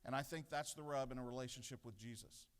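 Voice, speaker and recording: A fast-talking, middle-aged pastor with a mid-range voice gives an earnest devotional from a podium, mixing self-deprecating stories with a spiritual challenge. He speaks in a large legislative chamber, and the recording carries long reverb.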